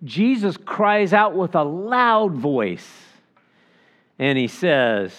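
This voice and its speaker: Man teaching scripture with a lively voice. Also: a little high, very slow. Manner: reflective, stops to picture the scene aloud. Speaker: pastor. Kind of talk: expository Bible teaching.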